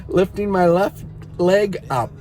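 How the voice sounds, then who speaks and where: A man's voice: high-pitched, takes it slowly, a little mellow. A middle-aged man in back pain, casually telling viewers a rambling, self-mocking story and chuckling at his own jokes. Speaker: vlogger and songwriter.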